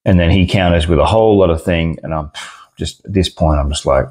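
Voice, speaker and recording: A man's voice: extremely low pitch, fairly even intonation, fairly quick. A young Australian man ranting casually about an online argument, blunt and sweary. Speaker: card seller and channel host.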